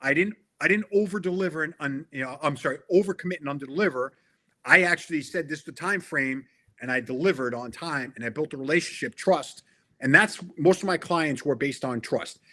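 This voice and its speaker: A man's voice: fairly high pitch, brisk, a bit bright. A middle-aged man talking in a casual interview as a guest, earnest and emphatic, often restarting his sentences. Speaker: interview guest, tech sales veteran.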